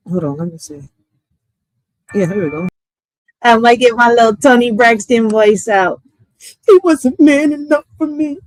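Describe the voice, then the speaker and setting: A woman's voice: medium pitch, no room sound. A woman in her thirties talks casually and freely to her viewers, swearing and breaking into laughter. The sound is dry and close, with no room around it. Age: 30s. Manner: loose, profane and laughing. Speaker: poet and streamer.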